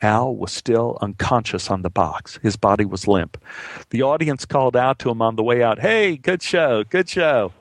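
Gravelly male storyteller. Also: lowish voice, normal speed, no echo. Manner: vivid, dramatic delivery. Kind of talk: spoken personal storytelling.

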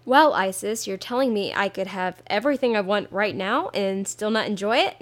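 A woman's voice: medium pitch, animated, normal speed. A woman in her twenties hosting a solo podcast, talking candidly and playfully, often swapping curse words for spoken bleeps. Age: 20s. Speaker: podcast host. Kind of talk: casual solo podcast monologue.

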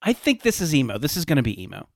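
A man's voice: fairly high pitch, wildly swooping pitch, racing, gravelly, no room sound. Wry podcast guy, laughs a lot, dry close mic. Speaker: podcast co-host. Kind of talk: casual comedy podcast chat.

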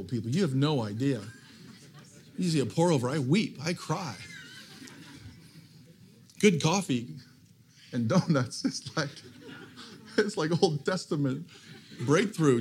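A middle-aged man preaching a sermon at a church service, telling his story with animated, self-mocking humor and quick restarts. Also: a little high, slight background noise. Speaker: guest pastor.

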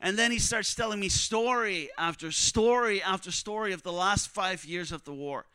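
A man preaching, telling a story in a conversational, animated way and acting out what others said. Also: sits high, normal speed, smooth, no echo. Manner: animated, conversational, acts out quotes. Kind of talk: sermon storytelling.

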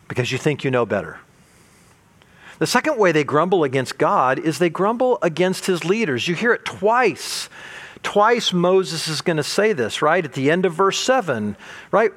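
A male pastor with a high, slightly bright voice preaches a sermon. He acts out quoted complaints and stumbles into repeated words as he drives his point home.

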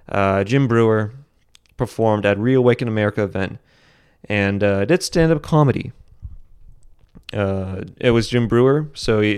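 A young man with a fairly low voice talks through his opinions on a solo podcast. He rambles, restarts his sentences, and leans on fillers as he keeps going. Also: a little mellow, clear, resonant tone. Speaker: podcast host. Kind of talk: casual solo podcast commentary.

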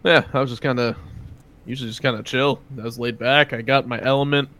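A man's voice: mid-range voice, steady tone, quick pace, sharp tone. Blunt, profane man ranting and laughing. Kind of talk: casual crude chat.

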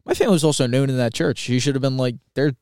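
A young man co-hosting a podcast, telling a story in a casual, animated, swearing way and acting out quoted voices. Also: medium pitch, racing, no room sound, studio quality. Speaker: podcast co-host.

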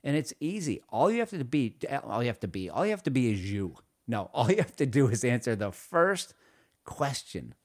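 A man hosting a food radio show, reading ads and joking in a playful, self-mocking way with sudden loud bursts. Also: mid-range voice, sing-song, normal speed, no room sound, clean studio sound.

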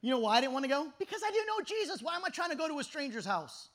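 A man in his thirties preaching an energetic youth sermon at a camp meeting, telling stories that swing from shouting to hushed. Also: very high-pitched, racing. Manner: animated storytelling, shifts from shouting to hushed.

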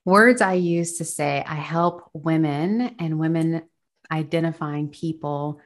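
A woman guest on a podcast, a spiritual life coach talking in a flowing, earnest way and laughing easily. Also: low voice. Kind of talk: casual podcast interview.

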